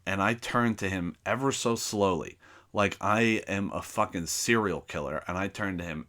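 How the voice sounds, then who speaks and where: A man with a low voice and a bright, forceful edge, talking alone on his podcast. He tells a story in blunt, profane chat and acts out the dialogue. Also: normal speed. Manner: profane, animated anecdote telling with acted-out dialogue. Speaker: podcast host. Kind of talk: casual solo podcast storytelling.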